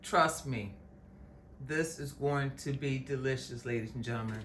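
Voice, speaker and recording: Woman, low voice, homey cooking-show host, chatty and warm to the camera, faint kitchen noise. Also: measured pace. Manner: homey, chatty, addresses viewers as y'all. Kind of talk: casual cooking demonstration. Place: home kitchen.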